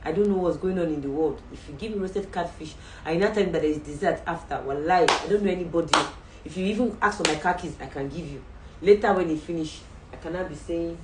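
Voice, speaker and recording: A woman's voice: fairly low pitch, a little fast, slight background noise. A woman hosting a faith-based motivational talk, telling a story animatedly, acting out voices and adding asides. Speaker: podcast host. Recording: roomy sound from a distant mic.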